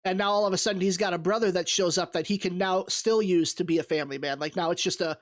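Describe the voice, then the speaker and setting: Co-host, casual film chat, reflective and halting, medium pitch. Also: steady tone. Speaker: podcast co-host.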